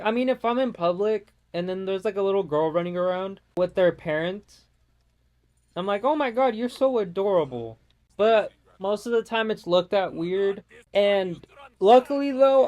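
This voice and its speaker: A man ranting casually and profanely over gameplay, rambling from one gripe to the next. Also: high-pitched. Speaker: gaming vlogger.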